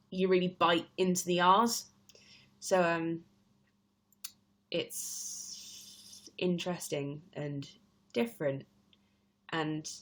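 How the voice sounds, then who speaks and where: A young English woman chats casually on a live stream in a fairly low, fairly bright voice. She reads out viewers' comments and rambles with lots of fillers.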